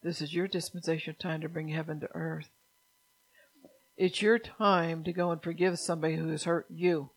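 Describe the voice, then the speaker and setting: Fervent preaching woman, flat delivery. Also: low voice, normal speed, poor audio. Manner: fervent, scolding, rising to loud emphatic bursts. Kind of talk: sermon.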